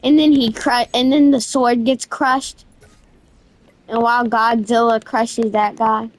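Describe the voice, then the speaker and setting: A woman narrating a game event in a casual, excited, slangy way, restarting her sentences again and again. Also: on the high side, measured pace. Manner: rambling storytelling with constant restarts. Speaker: gaming video creator.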